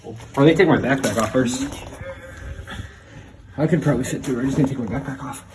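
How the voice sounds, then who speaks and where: A man's voice: medium pitch, a little fast. A young man joking nervously with his friends outdoors. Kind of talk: casual banter. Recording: noisy outdoor recording.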